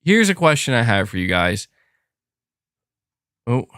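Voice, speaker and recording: A man's voice: medium pitch, big pitch swings, unhurried, a bit bright, clear, resonant tone, no room sound, clean studio sound. Chatty streamer man reading chat. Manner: rambling, hesitant, lots of fillers and restarts. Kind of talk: casual livestream chat.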